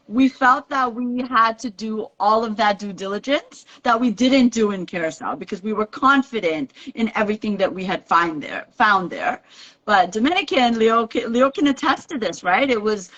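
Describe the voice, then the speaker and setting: A woman talks about investing in a relaxed, explanatory way, tagging her points with "right?". Her voice sits a little high. The audio is dull and lo-fi. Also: moderate pace. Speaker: real estate investor guest. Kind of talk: casual podcast interview.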